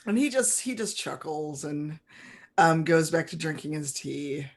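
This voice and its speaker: A woman narrating a tabletop game as game master, relaxed and chatty, quick to laugh. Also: low-pitched.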